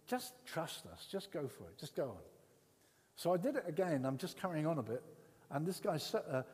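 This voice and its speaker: Older English preacher in a reverberant hall. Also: male voice, a little high. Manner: storytelling, repeats words, swings from loud to hushed. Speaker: pastor. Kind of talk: sermon with personal testimony.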